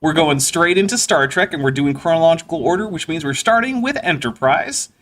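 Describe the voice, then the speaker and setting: A man hosting a livestream in casual chat, talking in an animated, rambling way. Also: on the high side, brisk. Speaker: livestream host.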